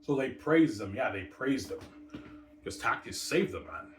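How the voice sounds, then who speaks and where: A man with a mid-range voice and lively intonation rambles casually at a moderate pace about a book he wrote, often tacking on "obviously" and "man." The author acts out lines from his own story. The recording is noisy, made in an echoey room with the mic set far off.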